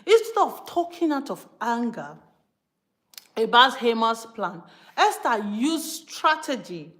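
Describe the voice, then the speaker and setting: A Nigerian woman from Benin City preaching informally to her live-stream viewers, emphatic and animated, slipping into pidgin and speaking straight to her audience. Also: on the high side, takes it slowly. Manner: emphatic and animated, switching between English and pidgin, asides to the viewers. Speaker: live-stream host teaching from the Bible.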